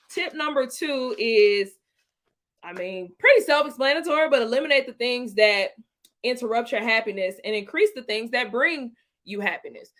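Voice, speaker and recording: A woman with a bright, clear voice pitched a little high hosts a relaxed podcast chat. She talks in a lively, slangy way and laughs easily as she gives tips. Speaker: podcast co-host.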